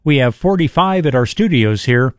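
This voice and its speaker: Steady radio morning host, dry studio sound. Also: male voice, medium pitch, normal speed, no echo. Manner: steady, matter-of-fact reading of numbers. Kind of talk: radio weather and temperature rundown. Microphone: studio microphone.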